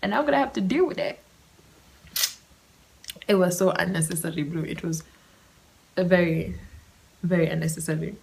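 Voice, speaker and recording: A woman's voice: on the low side, moderate pace, creaky, pauses often, poor audio. Young woman, rambling storyteller. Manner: rambling and animated, often dropping to a whisper. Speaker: podcast host. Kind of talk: casual solo storytime.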